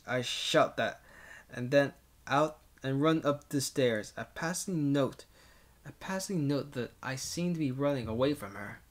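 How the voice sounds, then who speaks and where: A man reading a visual novel aloud with casual asides, stumbling over words as he goes. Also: medium pitch.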